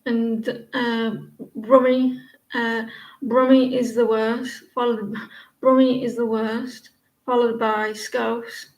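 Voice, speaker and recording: A woman's voice: on the high side, flat delivery, slow, roomy sound, poor audio. A woman in her forties giving a casual live-stream tarot reading, rambling and chatty, often restarting her sentences. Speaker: tarot reader.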